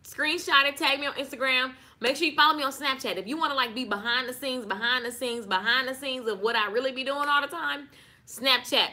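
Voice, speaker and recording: Bright-voiced chatty Southern woman. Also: high-pitched, brisk. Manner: chatty, playful, signs off again and again. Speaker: marketing coach on a live stream. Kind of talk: casual live-stream chat.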